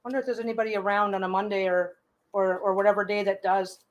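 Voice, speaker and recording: A woman's voice: medium pitch, level tone, fast, slight background noise. A woman reading tarot cards on a casual live stream. She gives chatty, reassuring advice, often restarting and repeating her phrases.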